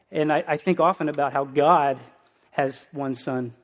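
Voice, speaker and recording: A young adult man preaches a sermon as a pastor in a medium-pitched, unhurried voice. Earnest and emotional, he asks the listeners questions conversationally.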